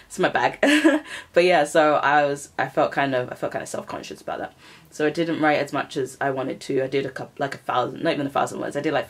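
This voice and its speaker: A woman's voice: deep voice, creaky. A young woman chatting to camera at home, rambling and self-deprecating with frequent laughs. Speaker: writing vlogger. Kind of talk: casual chat to camera. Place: at home, indoors.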